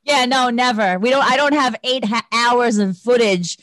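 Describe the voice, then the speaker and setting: A man's voice: very high-pitched, normal speed, fairly bright tone. A man who used to be a show regular chats casually with dry, teasing remarks. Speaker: guest, former show regular. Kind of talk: casual chat.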